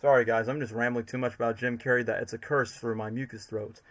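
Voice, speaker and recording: Male streamer host with a bright, forceful voice, excitable and rambling in casual commentary. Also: medium pitch, fast talker. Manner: excitable, rambling fan talk.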